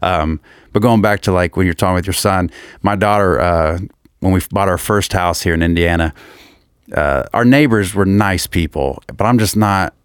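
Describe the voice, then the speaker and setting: Man, middle-aged, low voice, smooth, rambling casual chat, dry close sound. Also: moderate pace, no room sound. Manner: rambling, swears casually, animated storytelling.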